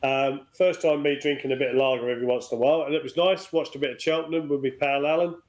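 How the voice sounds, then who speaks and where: A middle-aged man, chatting as a pundit in a relaxed, easygoing way. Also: mid-range voice, quick pace. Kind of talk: casual chat.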